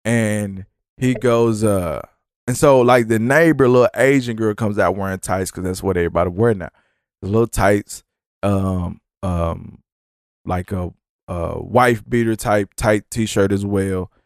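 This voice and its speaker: A man hosting a podcast, telling stories in a profane, animated, rambling way. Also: on the low side, unhurried, no echo, studio quality. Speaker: podcast host. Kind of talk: casual storytelling monologue.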